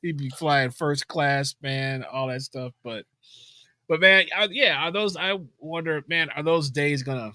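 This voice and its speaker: A man co-hosting a casual podcast, talking in a relaxed, rambling way with many fillers. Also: fairly high pitch, a little slow, no echo, studio quality. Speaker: podcast co-host, musician. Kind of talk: casual chat.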